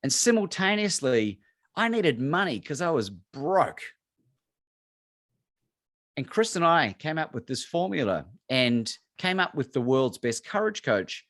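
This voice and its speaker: A man's voice: fairly high pitch, very animated, measured pace, a bit bright, no room sound, studio quality. An Australian man, a courage coach, telling a story and acting out both sides of his phone calls. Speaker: guest speaker, courage coach. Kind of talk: storytelling talk on a video call.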